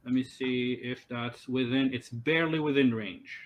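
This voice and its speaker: A man's voice: mid-range voice, steady tone, moderate pace. Game master guy on a voice call, rambly, lots of ums, faint hum behind. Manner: rambling, thinking aloud with many fillers. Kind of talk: running a tabletop game online.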